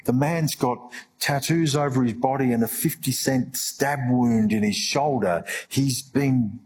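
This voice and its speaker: A middle-aged man talking earnestly in an interview, halting and restarting as he reflects. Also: mid-range voice, darkish tone, a little hiss or hum. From Australia. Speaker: guest.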